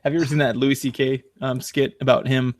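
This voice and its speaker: A podcast host chats casually at a quick pace in a mid-range voice, telling lively stories, laughing as he goes, and rambling with fillers and restarts. The recording is studio quality, free of room sound.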